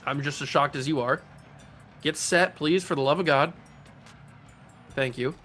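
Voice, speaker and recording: A man's voice: fairly high pitch, moderate pace, faint music behind. Cocky young man calling his own plays. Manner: playful, cocky, bursts into excited play-by-play calls. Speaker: gaming YouTuber, host. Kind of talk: casual gameplay commentary.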